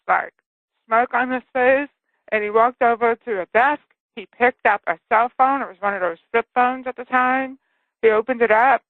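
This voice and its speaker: A woman's voice: fairly high pitch, dry recording. Earnest woman author on a phone line. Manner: earnest storyteller, checks in with "okay?". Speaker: author and guest. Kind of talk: phone interview, personal story. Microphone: telephone.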